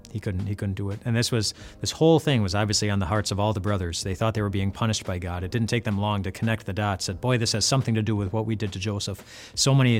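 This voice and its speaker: Conversational man retelling a Bible story. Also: lowish voice. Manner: conversational, with frequent restarts and repeated words. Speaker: devotional host. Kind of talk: casual devotional Bible talk. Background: faint music.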